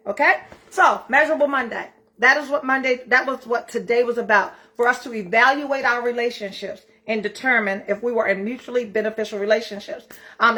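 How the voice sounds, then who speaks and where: Blunt, higher-voiced woman giving a pep talk. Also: pushed and bright. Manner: blunt, emphatic, swears freely. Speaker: self-care challenge host. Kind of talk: casual motivational talk to followers.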